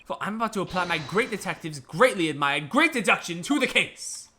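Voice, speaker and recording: Pompous male detective, grandstanding, animated pitch, a streamer's put-on. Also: fairly quick, slight background noise. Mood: grandiose. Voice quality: pompous, theatrical. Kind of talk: voicing game dialogue on a stream.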